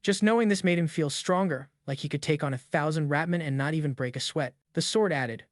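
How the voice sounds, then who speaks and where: A man's voice: a little high, dry recording. Dry, close male recap narrator. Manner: even, brisk storytelling. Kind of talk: scripted story narration.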